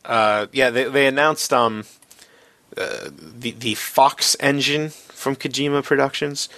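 A man co-hosting a casual gaming podcast, reading out news items with a halting delivery and many fillers. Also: mid-range voice, fairly even intonation, bright, forceful tone, no room sound.

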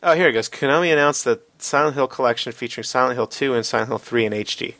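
A man co-hosting a casual gaming podcast, reading out news items with a halting delivery and many fillers. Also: medium pitch, fairly bright tone, no echo.

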